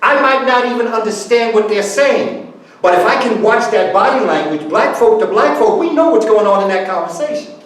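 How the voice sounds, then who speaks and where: A man gives an animated lecture, his fairly high voice bouncing between phrases he acts out. He is recorded from well back in a very echoey meeting room with faint background noise. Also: normal speed. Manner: animated, acts out example phrases, coaxes audience to join in. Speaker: guest speaker. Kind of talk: lecture to a live audience. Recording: echoey room, far from the mic.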